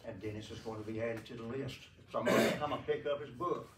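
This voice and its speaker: A man's voice: medium pitch, fast, fairly bright tone, slight background noise. A man giving a folksy funeral eulogy in a church, telling rambling stories and chuckling often, with many fillers. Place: church sanctuary. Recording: echoey room from a distant mic.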